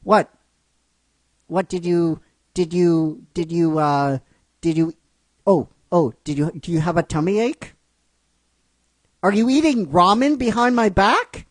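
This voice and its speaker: A man's voice: sits high, takes it slowly, long pauses, no echo. A man doing a teasing young trainer.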